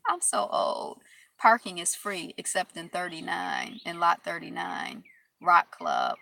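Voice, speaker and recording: A woman hosting a casual live stream, chatting in a rambling, upbeat way and closing with warm affirmations. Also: fairly low pitch, huge pitch swings, a little slow, vocal fry, slight background noise. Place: Detroit.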